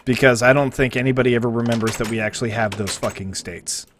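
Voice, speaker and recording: A man talks to his live chat in an average-pitched voice. He is sarcastic and swears freely, and now and then he slips into a mock sermon. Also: steady tone, fast, noisy background. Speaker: live streamer. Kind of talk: casual stream commentary.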